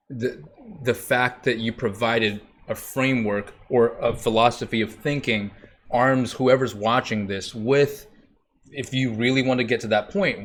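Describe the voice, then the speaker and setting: A man hosting a casual interview, enthusiastic and affirming, with occasional swearing. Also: on the low side. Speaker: podcast host.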